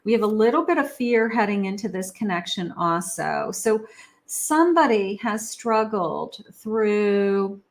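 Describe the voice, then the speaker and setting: A woman's voice: mid-range voice, lively intonation, unhurried, a little hiss or hum. A woman, a psychic, giving a rambling, casual tarot reading with many fillers. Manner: acts out lovers' quoted lines.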